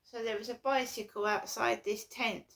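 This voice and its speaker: Anxious rambling woman, gravelly and bright. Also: a little high, steady tone, normal speed. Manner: anxious, rambling, repetitive complaints. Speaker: vlogger. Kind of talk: casual personal vlog.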